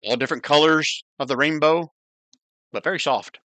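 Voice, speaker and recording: A man's voice: on the high side, moderate pace, sharp tone, no echo. A man running a tabletop game as game master, describing things casually with many fillers.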